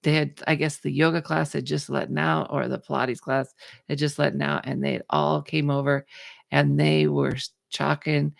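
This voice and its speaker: Low gravelly woman host, animated storyteller, dry close sound. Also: dry recording. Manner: animated, acts out the people in her story. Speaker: podcast host. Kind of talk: casual storytelling chat.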